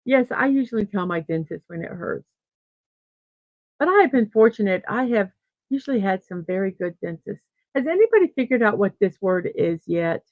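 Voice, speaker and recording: Hosting her everyday casual morning stream, a middle-aged woman reads comments and tells an animated, rambling tale, restarting and laughing often. Her voice is mid-range and her pace moderate. The audio sounds narrow and tinny, without echo.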